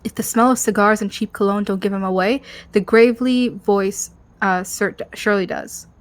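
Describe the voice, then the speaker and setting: A woman's voice: medium pitch, steady tone, moderate pace. Woman, co-host, reads game narration aloud, trips over words. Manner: stumbles over words, laughs often. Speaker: co-host reading a story game.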